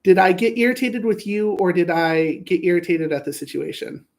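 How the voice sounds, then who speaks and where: A man hosting a live talk on anger management, blunt and profane, swinging between loud outbursts and low asides. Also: expressive, normal speed. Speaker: host. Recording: echoey room, voice far from the mic.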